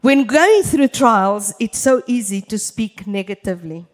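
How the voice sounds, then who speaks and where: Slow, emphatic woman preacher in a reverberant hall. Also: on the high side, lively intonation. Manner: emphatic, deliberate, addresses the congregation directly. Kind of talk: church sermon. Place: church hall.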